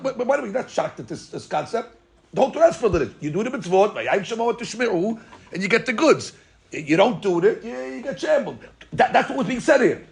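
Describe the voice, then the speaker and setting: A man, a rabbi, teaching a Torah class in an animated, joking way, acting out bits of dialogue. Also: very high-pitched, creaky.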